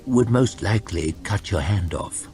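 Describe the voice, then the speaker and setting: A man's voice: on the low side, expressive, unhurried, over music. A man voicing an old male wizard who speaks in a wry, teasing way. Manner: chuckling, teasing.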